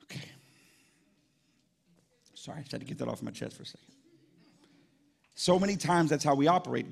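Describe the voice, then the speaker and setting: A man, a pastor preaching a live sermon at a church service in an animated, conversational storytelling way. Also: mid-range voice, fairly quick, gravelly, pauses often.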